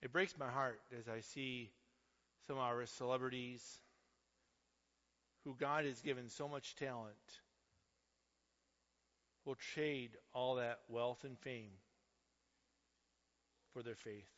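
A man preaching a sermon with passion, swinging between loud declarations and hushed asides. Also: mid-range voice, steady tone, takes it slowly, pauses often. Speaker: pastor. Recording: reverberant hall, dull lo-fi sound.

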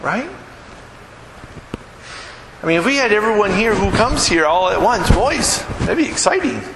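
A man's voice: sits high, big pitch swings, measured pace. A middle-aged man preaching a conversational sermon to his church, often asking the congregation "right?" as he talks. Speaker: pastor. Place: church hall. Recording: echoey hall with room noise.

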